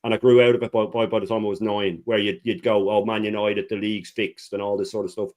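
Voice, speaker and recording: A man's voice: fairly low pitch, steady tone, fast talker, a little mellow. A man on a football panel video call, frustrated and ranting, repeating words as he starts a thought. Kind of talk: casual chat.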